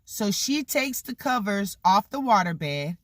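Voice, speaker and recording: A person in their thirties telling childhood stories in a casual vlog, animated and swearing freely, with lots of "like" and "you know". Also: mid-range voice, unhurried, no echo, studio quality. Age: 30s. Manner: animated, swears freely, acts out the people in the story; heavy use of "like" and "you know" fillers. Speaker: vlogger telling a story.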